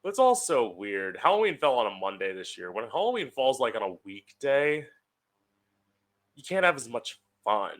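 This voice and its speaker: With big swings in pitch around a medium register and a fairly bright tone, a young man talks at a moderate pace on his home podcast. The solo monologue is casual, chatty and sardonic, and he swears freely.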